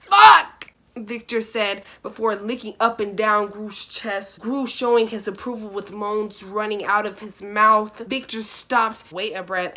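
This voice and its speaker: Bright-voiced young woman, blunt and sarcastic. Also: medium pitch. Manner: blunt, sarcastic asides with sudden loud outbursts. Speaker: YouTuber. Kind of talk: reading fan fiction aloud with reactions.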